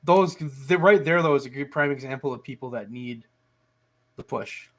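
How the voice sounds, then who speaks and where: A man co-hosting a casual podcast chat, telling animated stories and swearing freely. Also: mid-range voice, normal speed. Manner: animated storyteller, swears a lot. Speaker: podcast co-host.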